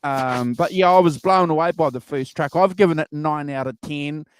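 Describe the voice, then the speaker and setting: A man's voice: on the high side, normal speed, slight background noise. Chatty rambling male podcast host. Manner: rambling, filler-heavy, enthusiastic. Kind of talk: casual music review chat. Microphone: video call.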